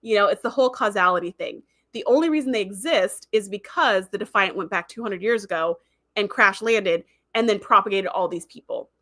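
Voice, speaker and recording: A woman's voice: medium pitch, fairly quick, fairly bright tone. A woman hosting a casual livestream, chatting in a rambling way and reading viewer comments aloud. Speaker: livestream host.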